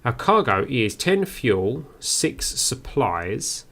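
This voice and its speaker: A man playing a game for the first time who thinks out loud and reads the on-screen text to his viewers. His voice sits at an ordinary middle pitch with a gravelly, creaky texture. He talks in an unhurried, wondering way. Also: sing-song. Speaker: game streamer. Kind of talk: first-play commentary.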